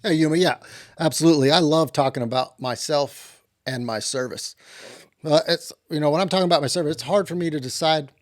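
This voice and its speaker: A man's voice: a little high, brisk, lightly acted. A man voicing a boastful, touchy cowboy who tells tall tales of his military service in a rambling, put-on accent. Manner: rambling, swaggering bravado.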